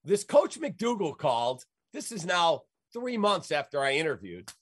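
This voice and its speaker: A man's voice: on the high side, a little slow, slightly rough, no echo, studio quality. A middle-aged man from the Chicago area, telling a story in casual talk and acting out the voices of the people in it. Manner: lively, acts out quoted voices.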